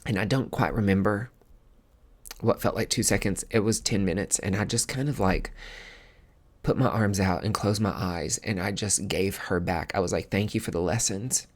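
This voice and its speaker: A male podcast host with a somewhat low voice tells a personal story in a loose, casual way. He speaks candidly and with open emotion, often restarting his sentences. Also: moderate pace. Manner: candid, emotional, given to filler words and restarts.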